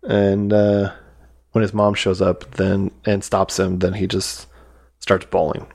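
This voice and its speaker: Man, podcast host, casual movie chat, rambling, lowish voice. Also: completely flat delivery, slow pace, vocal fry, a little mellow. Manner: rambling, with many fillers and acted-out quotes.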